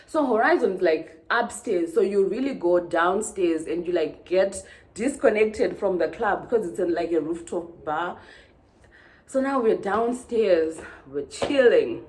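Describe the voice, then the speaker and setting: A woman from Zimbabwe, telling a storytime vlog in an animated way and acting out the dialogue. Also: fairly low pitch, a little slow. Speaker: vlogger.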